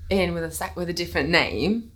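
Bright-voiced woman, giggly casual chat. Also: fairly low pitch, a little fast. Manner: giggly, playful storyteller.

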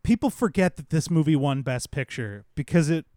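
A man's voice: on the high side, lively intonation, mellow, dry recording, clean studio sound. A man co-hosting a podcast, joking casually with frequent ums and restarts. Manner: halting, full of ums and restarts. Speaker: podcast co-host. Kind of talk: casual comedic chat.

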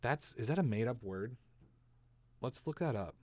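Rambling and sarcastic, a man hosts a casual comedy podcast in a medium-pitched, darkish voice with lively intonation and a moderate pace. He swears offhandedly, laughs at his own gags and keeps slipping into goofy voices.

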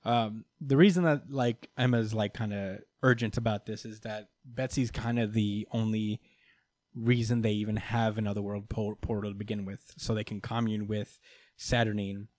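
A man's voice: fairly low pitch, steady tone, normal speed, a little mellow, no echo. A man casually recapping a comic book story, full of fillers, laughter and swearing. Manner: laughs often, many fillers, swears freely. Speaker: podcast host.

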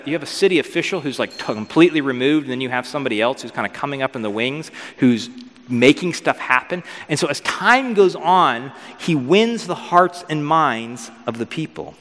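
Animated pastor in a reverberant hall. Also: male voice, on the high side, brisk. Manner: animated, acts out biblical figures with modern slang. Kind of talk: casual storytelling sermon.

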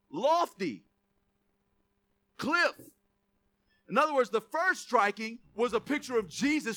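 A man preaching a sermon as pastor, animated and joking, reading scripture aloud and shouting some quoted lines. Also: very high voice. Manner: animated, jokey asides, reads scripture aloud.

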